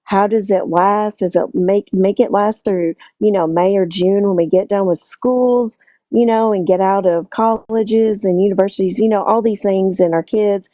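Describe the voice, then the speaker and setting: Southern woman, teacher, rambles with fillers; mellow, dry, slightly dull sound. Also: mid-range voice, steady tone, normal speed, dry recording. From Tennessee, US. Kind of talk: live-stream guest question.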